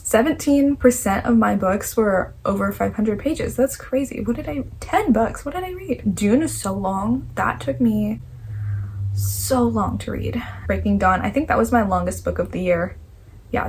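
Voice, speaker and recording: A woman's voice: fairly high pitch, darkish tone, a little hiss or hum, rough recording. A young woman vlogging casually at home about the books she read, chatty and enthusiastic, thinking aloud as she goes. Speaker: book vlogger. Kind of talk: casual chat.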